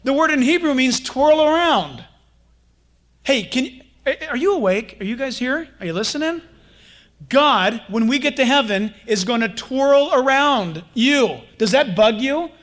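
Male pastor, sermon delivery, high and very lively pitch, conversational with playful asides. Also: unhurried. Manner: animated, conversational preaching with playful mock dialogues.

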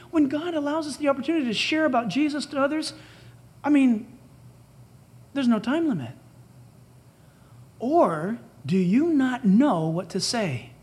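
A pastor with a very high voice preaches emphatically and dramatically, his pitch sweeping and animated as he slips into quoted dialogue. He speaks a little slowly, pausing often, with a husky quality.

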